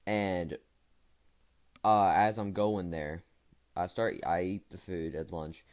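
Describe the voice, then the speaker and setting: A young man's slow, low-pitched voice, clean and a little mellow, carries a casual, rambling storytime vlog. He keeps restarting, correcting himself and filling gaps with fillers.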